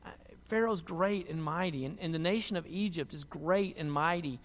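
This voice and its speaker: A man's voice: on the high side, normal speed, in a large hall. A man preaching a sermon as pastor, earnest, often repeating words as he restarts his sentences.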